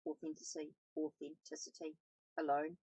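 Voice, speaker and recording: A woman's voice: sits low, level tone, moderate pace, mellow, slightly rough, low-quality recording. A woman reading the lines of a shy, nervous male professor from abroad in a storybook, plainly read aloud with small slips. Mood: earnest.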